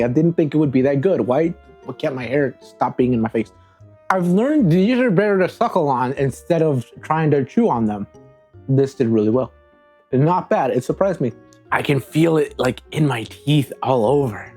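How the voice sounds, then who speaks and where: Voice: mid-range voice, a little mellow. A vlogger giving playful, rambling taste-test commentary, talking dramatically to the things being tasted and often stumbling and restarting. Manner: chatty, dramatic, talks to the crayons. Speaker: vlogger tasting crayons. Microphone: new desk microphones.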